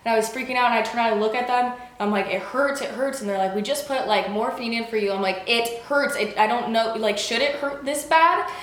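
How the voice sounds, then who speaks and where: A young woman recounting a story to camera in a relaxed, rambling way, peppering her talk with fillers and quick acted-out quotes. Her voice sits at an ordinary middle pitch for a woman. The room around her rings with noticeable echo. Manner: chatty, filler-heavy, acts out quotes. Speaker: vlogger. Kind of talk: casual storytime.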